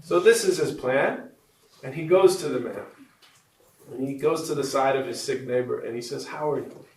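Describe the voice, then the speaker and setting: A man teaching a spiritual retreat group, telling stories in a lively, animated way. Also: medium pitch, normal speed. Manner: animated storyteller, laughs along with listeners. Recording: roomy, from a distance, faint noise.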